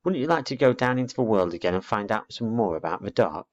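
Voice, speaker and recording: A man's voice: lowish voice, expressive, quick pace, pitched above the performer's own voice. A man voicing a firm, patient mother barn owl in a storybook reading, dull lo-fi recording.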